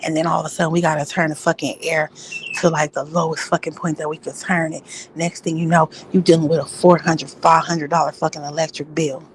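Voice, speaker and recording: A woman chatting casually and profanely, rambling through stories with loud outbursts. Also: sits low, flat delivery, a little fast, a little hiss or hum, rough recording. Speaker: vlogger. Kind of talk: casual chat.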